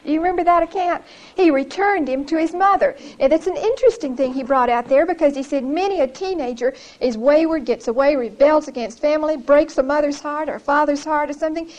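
A woman's voice: sits high, a little fast, darkish tone, poor audio. A woman giving an informal Bible study in a church, earnest and conversational, often repeating her phrases.

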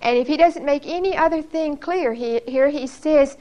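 A woman's voice: high voice, moderate pace, warm tone, rough recording. A middle-aged woman teaching a Bible study lesson in a church, explaining earnestly and asking her listeners to recall past lessons.

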